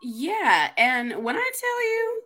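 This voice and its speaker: A woman co-hosting a casual chat, telling stories in a lively way with playful mock grievance. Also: high voice, slow pace, slight background noise. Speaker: co-host.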